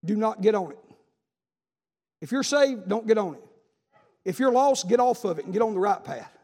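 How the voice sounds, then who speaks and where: A man's voice: sits high, expressive, normal speed, a little mellow. A man preaching a revival sermon, fervent and repetitive, with folksy asides. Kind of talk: revival sermon with personal testimony. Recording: long reverb of a large hall.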